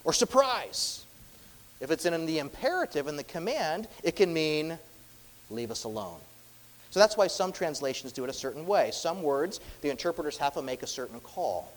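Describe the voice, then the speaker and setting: A man's voice: a little high, expressive, brisk, hardly any pauses, big-room sound, low-quality recording. A man preaching a sermon as pastor, acting out the quoted lines of demons with dramatic rises in his voice.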